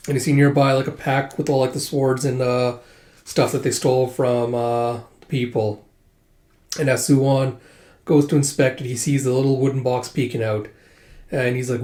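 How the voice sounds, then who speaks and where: Speaking at a moderate pace, a manga reader with a dark, mellow voice of medium pitch talks his way through a volume. Character lines come out in animated jumps of energy, padded with frequent "uh"s and "like"s, and the recording has a spacious echo.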